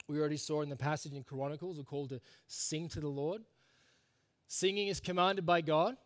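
A man in middle age preaches to his congregation, his voice sitting a touch higher than most men's. He talks in an earnest, conversational way, dropping low and quiet for solemn points and rising to emphatic bursts. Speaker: pastor. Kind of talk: sermon.

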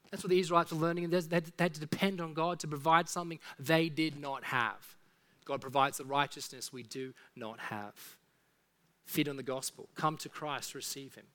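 A man delivering a sermon with a bright, forceful voice that sits a little high. He preaches earnestly and often sinks soft and low when he makes an appeal. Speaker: pastor.

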